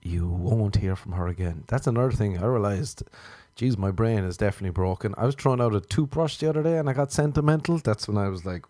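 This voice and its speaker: A man's voice: mid-range voice, brisk, dark tone, no room sound. A man, delivering a self-mocking comic monologue. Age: 30s. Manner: ranting, self-mocking, acts out his own inner voice. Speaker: comedian.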